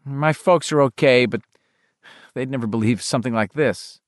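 A man's voice: mid-range voice, moderate pace, no room sound, studio quality, close to an everyday voice. A man reading an audiobook, voicing a joking young boy who slips into a posh butler voice. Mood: earnest. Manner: jokey, put-on posh butler voice at times. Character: wisecracking young boy, quick, clowning. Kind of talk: audiobook character voice.

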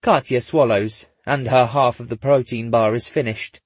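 A man narrating a story in a husky voice, dropping in dry, wry asides. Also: mid-range voice, fairly even intonation, moderate pace, no room sound. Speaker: audiobook narrator. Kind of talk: scripted narration.

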